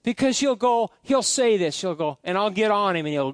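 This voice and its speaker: A middle-aged man delivers a sermon in a high, lively voice that leaps up and down. He tells homey stories with frequent restarts and asides. The sound is dry and close. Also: moderate pace, no room sound. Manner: folksy storytelling with many restarts. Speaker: pastor.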